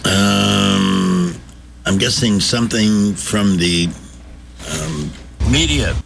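A man's voice: fairly low pitch, very slow, vocal fry, fairly bright tone, slight background noise. A man co-hosting a casual chat show, cracking jokes and laughing a lot. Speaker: co-host.

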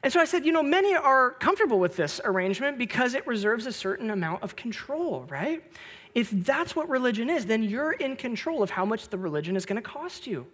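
A man, a pastor, delivering a Christmas sermon, telling a story with bursts of loud, high energy and then dropping soft and low on reflective points. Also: normal speed, breathy edge. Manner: animated storytelling, rising loud on anecdotes.

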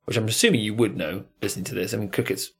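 A man's voice: lowish voice, steady tone, very fast, creaky, slight background noise. A man hosting a podcast in casual chat, talking in an emphatic, motivational way.

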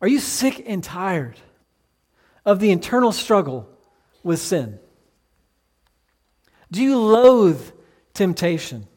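A man's voice: sits high, very animated, slow, pauses often, darkish tone. A male pastor preaching a sermon, earnest and pleading, with many rhetorical questions.

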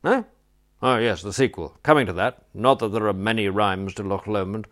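A man's voice: fairly low pitch, moderate pace, fairly bright tone, lightly acted. A man playing a peevish, blustering old duke. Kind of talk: audiobook character voice.

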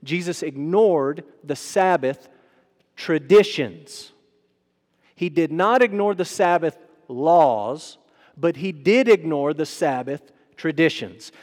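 Slightly high-voiced man preaching in a reverberant hall. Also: slow pace. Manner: conversational, asks the crowd rhetorical questions; acts out quoted voices. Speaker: pastor. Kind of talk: sermon.

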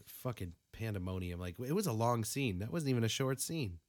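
A young man co-hosting a casual movie review podcast, profane and animated, with a stuffy nose. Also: fairly quick, no room sound, studio quality. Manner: animated, profane, acts out quotes in high voices. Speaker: podcast co-host.

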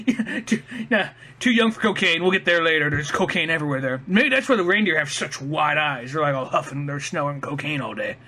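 A man's voice: a little high, expressive, normal speed, bright, forceful tone. A man riffing casually and profanely in comedic commentary. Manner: profane, joking riffs.

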